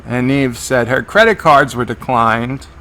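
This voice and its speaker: A man's voice: mid-range voice, a little slow, pushed and bright. A man giving live reaction commentary on a TV episode, narrating scenes as they unfold and often restarting his sentences. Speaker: TV episode reviewer.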